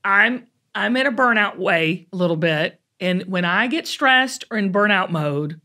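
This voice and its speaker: A woman's voice: medium pitch, lively intonation, pushed and bright. A middle-aged woman with a Southern US accent hosts a talk show and tells folksy stories in a chatty way. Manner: chatty, folksy storytelling with drawn-out emphasis. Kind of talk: casual chat.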